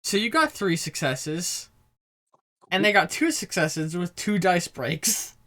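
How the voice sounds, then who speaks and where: Male game master, casual narrator, a touch higher-pitched than most; relaxed, joking, loose delivery. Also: takes it slowly. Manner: casual, laughing, trying on character voices. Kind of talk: narrating a tabletop game over voice chat.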